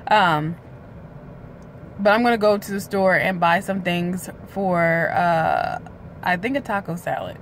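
A woman's voice: on the low side, expressive, a little hiss or hum. A woman chatting candidly in a casual vlog, talking to the camera from a parked car. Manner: chatty and candid, drawn-out filler sounds. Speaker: weight-loss vlogger. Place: parked car outside a hospital.

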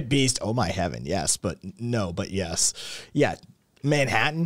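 A man hosting a casual livestream, reading chat messages aloud and answering them with loud, profane, animated opinions. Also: fairly low pitch, unhurried, no echo. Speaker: podcast host reading live chat.

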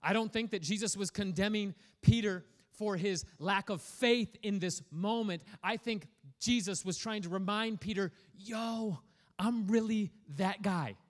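A pastor preaching a sermon in an energetic, playful way, prodding the congregation to respond. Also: male voice, sits high, normal speed. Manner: energetic, playful, prods the audience for feedback.

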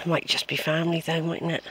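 A man's voice: fairly high pitch, level tone, moderate pace, sharp tone, a little hiss or hum, low-quality recording. Chatty man hiking outdoors. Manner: chatty, rambling, talks to viewers as folks. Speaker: hiker filming his walk. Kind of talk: casual walking vlog. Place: outdoors on a hillside path.

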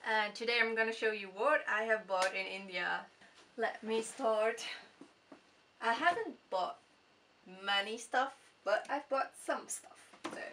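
A woman's voice: a little high, a bit bright, recorded from a distance, slight background noise. A young woman chatting casually in a travel haul vlog, laughing at herself and acting out her bargaining. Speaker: travel vlogger.

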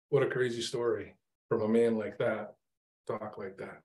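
A man's voice: fairly low pitch, level tone, moderate pace, a little mellow. Conversational middle-aged male preacher. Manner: conversational, asks the listener questions, acts out his own exasperated prayers. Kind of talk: informal sermon.

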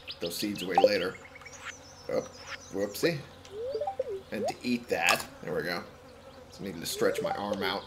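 A man giving casual gameplay commentary, muttering to himself and cursing loudly at the game. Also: on the low side, background noise. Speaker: let's play gamer.

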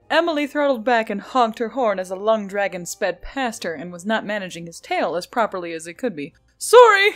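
A woman reads a novel aloud at a steady, even pitch, in the plain middle of the range. She sometimes stops to laugh and add her own comments, then goes back to the page. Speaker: channel host reading a novel aloud. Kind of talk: reading a novel aloud with casual asides.

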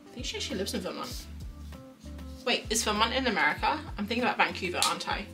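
A young woman with a mid-range, expressive voice talks quickly and casually on a drawing livestream, rambling and reading chat messages aloud. She's an art streamer sitting far from the mic, so her voice comes through slightly off-mic with faint music behind.

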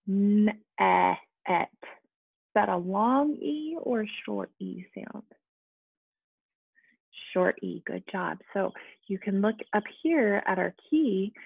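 A woman teaching young children at home over video, speaking slowly and patiently and checking in with them often. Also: mid-range voice, vocal fry, husky, no room sound. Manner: slow, patient, coaxing, frequent "okay?". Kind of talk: remote lesson to young children. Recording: dry, phone-like lo-fi sound.

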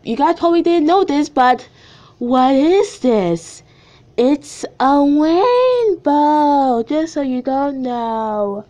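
A woman's voice: a little high, a little mellow, dull audio, a little hiss or hum. A woman casually reading her own childhood story aloud, breaking off for chatty, self-mocking asides.

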